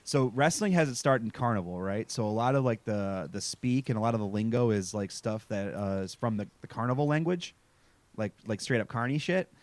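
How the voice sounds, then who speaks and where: In a dry recording, a man with a lowish, expressive voice talks fairly quickly while recapping a TV episode for his podcast. It's rambling, casual banter laced with jokes, cursing and plenty of fillers.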